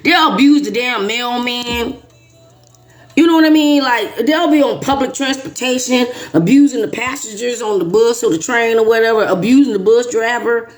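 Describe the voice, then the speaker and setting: Animated woman host, slightly high voice, emphatic casual talker. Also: moderate pace. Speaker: host and teacher. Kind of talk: casual chat with a guest.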